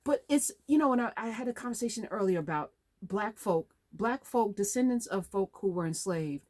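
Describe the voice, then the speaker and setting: A woman's voice: mid-range voice, expressive, moderate pace, a little mellow. Chatty woman hosting a radio talk show.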